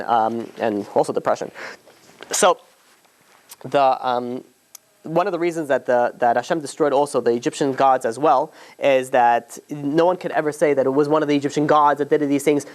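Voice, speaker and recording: A man teaching a class, telling the story informally, with many restarts and "you know"s, and growing animated at the lively moments. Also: on the high side. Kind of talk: informal storytelling lesson to students.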